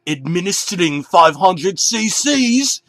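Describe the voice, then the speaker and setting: A man voicing sinister male cartoon bananas in pajamas with a squeaky English accent. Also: big pitch swings, slow, fairly bright tone, dry recording, exaggerated voice. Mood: gleeful. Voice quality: squeaky, put-on.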